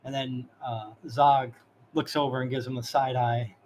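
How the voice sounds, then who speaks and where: A man's voice: medium pitch, little pitch movement, moderate pace, a little mellow, a little hiss or hum, poor audio. A man running a tabletop game as game master, describing scenes in a casual, loose way.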